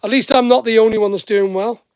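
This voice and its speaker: A man with a high, a little mellow voice speaks quickly with fairly even intonation, smooth and free of room sound. Hosting his channel and selling online, he chats to viewers in a Northern Irish-English accent while packing orders and teasing staff in the workspace.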